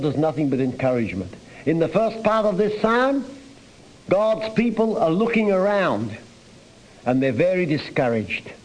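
A man preaches a psalm in an earnest, emphatic way, his voice rising and dropping as he stresses words. His voice sits a touch high for a man. It sounds like an old radio broadcast. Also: a little mellow, rough recording. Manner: earnest, rising and falling emphasis, reads scripture aloud. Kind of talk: sermon on a psalm.

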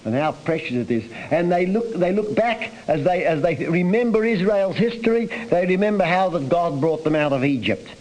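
A man's voice: high voice, expressive, moderate pace, hardly any pauses, a little mellow, low-quality recording. A man preaching a sermon on a psalm, earnest and emphatic, reading scripture aloud between his own comments.

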